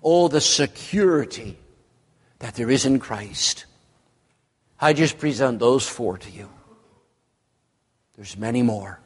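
Male pastor, sermon delivery, unhurried and emphatic, long hall reverb. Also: breathy edge. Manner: slow, emphatic delivery with sweeping pitch. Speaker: preacher. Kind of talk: evening sermon.

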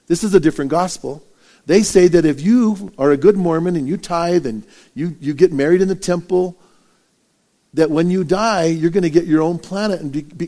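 A male pastor preaching a sermon, firing rhetorical questions and acting out anecdotes with lively swings in volume. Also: on the high side.

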